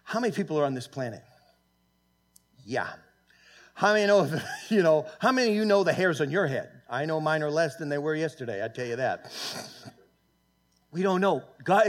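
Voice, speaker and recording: A man preaching a sermon to his church, emphatic, with loud peaks, quiet asides and frequent halting restarts. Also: high-pitched. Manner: halting, with many fillers and restarts. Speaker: pastor. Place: church sanctuary.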